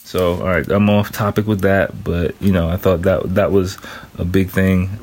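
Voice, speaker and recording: Deep-voiced man, 30s, profane and rambling, casual advice vlog. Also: fairly even intonation, moderate pace, a little mellow. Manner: profane, rambling, acts out other people's thoughts. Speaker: commentator on a show.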